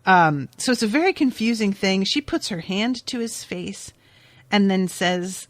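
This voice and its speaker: A woman podcast host casually recapping a TV episode, chatty and expressive, swearing now and then. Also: medium pitch, measured pace, no echo.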